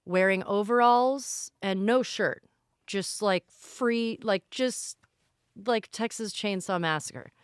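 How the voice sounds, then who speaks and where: A woman's voice: mid-range voice, slow pace, clear, resonant tone, dry recording, studio quality. A woman, co-hosting a podcast and telling a rambling, candid story with self-deprecating asides. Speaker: podcast co-host. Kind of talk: casual storytelling chat.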